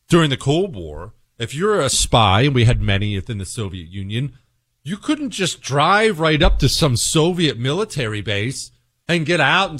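A brash man hosting a call-in radio show, mocking and opinionated. His voice sits a little high and leaps up and down constantly. The sound is close and completely dry. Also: a bit bright, no echo. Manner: brash, mocking, swings pitch wildly for effect. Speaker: radio talk show host.

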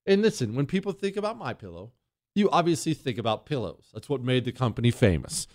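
A man hosting a talk radio show, talking in an animated, emphatic and jokey way, moving between rants and ad reads. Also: medium pitch, brisk.

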